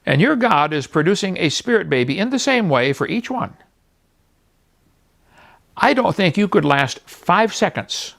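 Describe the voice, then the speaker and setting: His voice is a little high with vocal fry and a moderate pace. The man, an evangelist in his sixties, preaches in a scornful, mocking way, laughing at the views he attacks and animating his stories by quoting others in voices.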